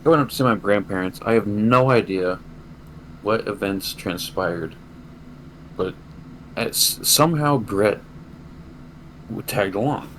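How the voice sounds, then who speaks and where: Deep-voiced young man telling a story. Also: slow pace, pauses often, fairly bright tone, poor audio. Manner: casual, swears freely, rambling anecdote. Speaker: podcast co-host. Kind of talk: casual storytelling chat. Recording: noticeable background noise.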